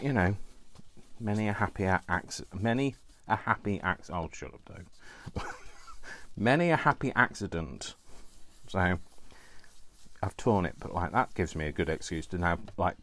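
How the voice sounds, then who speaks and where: A low, deep-voiced man with a Coventry accent chats his way through a crafting session. He rambles into asides and mocks himself good-naturedly, like he's talking to a friend across the table. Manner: chatty, self-mocking, rambling asides. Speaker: craft vlogger. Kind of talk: casual chat while crafting.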